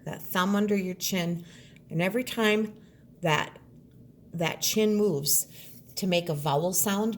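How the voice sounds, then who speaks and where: A woman teacher giving a recorded lesson, sounding out words slowly and deliberately. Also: lowish voice, a little hiss or hum.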